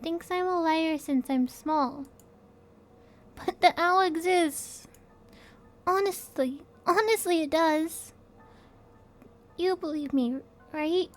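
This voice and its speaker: A woman's voice: very high voice, slow pace, long pauses, soft background music, pitched above the performer's own voice. A woman voicing a small, anxious little sister who talks in an earnest, pleading way. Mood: scared. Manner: chatty, earnest, childlike pleading.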